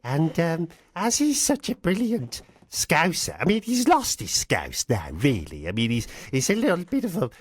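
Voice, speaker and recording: A man's voice: fairly high pitch, huge pitch swings, normal speed, hardly any pauses, husky, dry recording, full character voice. A man voicing a silly, chatty puppet called Spoon in a bouncy comic voice.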